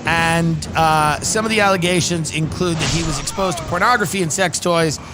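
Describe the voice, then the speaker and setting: A man's voice: on the high side, normal speed, music in the background. A man hosting a casual comedy podcast, rambling and reading news quotes aloud with dry sarcasm. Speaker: podcast host.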